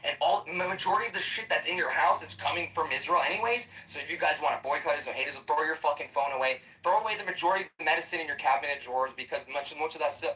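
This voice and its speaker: A man's voice: a little high, rapid-fire, hardly any pauses, bright, forceful tone. A man ranting aggressively and with heavy profanity in a heated live-stream debate. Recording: voice distant from the mic.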